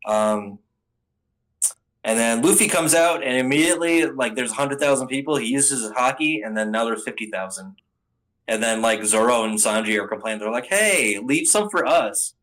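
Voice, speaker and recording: A man's voice: medium pitch, moderate pace, fairly bright tone, poor audio. Rambling casual male anime reviewer. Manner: rambling, with frequent ums and restarts. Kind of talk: casual spoken recap.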